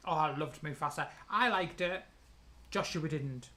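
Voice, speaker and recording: Guy co-hosting a live quiz chat, teasing and bickering, voice sits a bit high. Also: sharp tone. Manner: chatty, teasing, quick to argue. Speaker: co-host. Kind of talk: casual live-stream chat.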